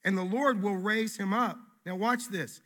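A man, a pastor, preaching a sermon in an animated, emphatic way, often restarting his words. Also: sits high, a little slow.

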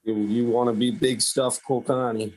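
A man's voice: medium pitch, little pitch movement, moderate pace, a little mellow, slight background noise. A man on a comedy podcast, teasing the others with stammering, mocking riffs. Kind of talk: improvised comedy banter.

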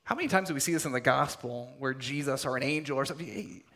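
A man preaching a sermon, retelling a scripture story with dramatic swings between loud emphasis and hushed, almost whispered lines. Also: medium pitch, fast talker, few pauses. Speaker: pastor.

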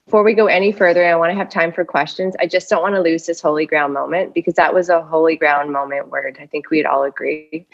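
A woman's voice: deep voice, steady tone, fast, hardly any pauses. A woman hosting a podcast, talking casually with affirming remarks and restarts. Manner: warm affirming, rambling restarts. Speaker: podcast host. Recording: dull lo-fi podcast audio.

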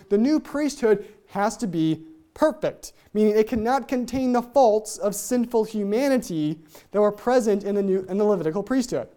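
A Bible teacher going through a passage verse by verse, talking very fast, tripping over words and repeating key points for emphasis. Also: medium pitch, warm tone. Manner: talks very fast, trips over own words.

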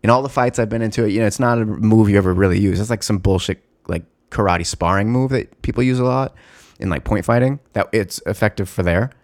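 A man with a fairly low voice tells a story in loose, casual talk. He is animated and profane, with lots of fillers and restarts. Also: fairly quick. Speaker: former store security guard.

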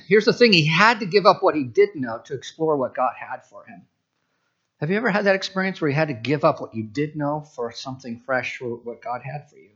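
A man's voice: fairly high pitch, lively intonation, fairly quick, a bit bright, breathy edge, muffled recording. A man preaching as a pastor, conversational, with asides and restarts. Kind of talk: sermon.

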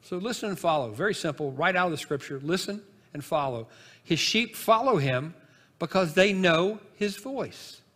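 A man's voice: high-pitched, expressive, moderate pace, fairly bright tone, big-room sound. A man preaching a sermon as pastor in a church, in a conversational, folksy way with asides and restarts, from the northern United States.

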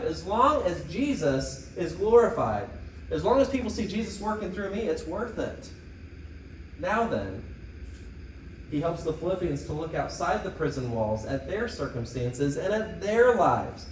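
Man, pastor, animated sermon, echoey sanctuary, light background hiss. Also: high-pitched, a little slow. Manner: animated preaching, emphatic quoted asides. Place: church sanctuary. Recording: echoey room, distant mic, faint noise.

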